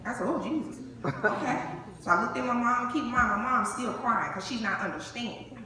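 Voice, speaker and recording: A woman's voice: fairly high pitch, brisk. A young woman, telling her own survival story to a live audience and acting out each voice in it. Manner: animated, acts out the dialogue. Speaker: breast cancer survivor giving a testimony. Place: large hall before an audience. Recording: echoey hall, far from the mic, crowd noise.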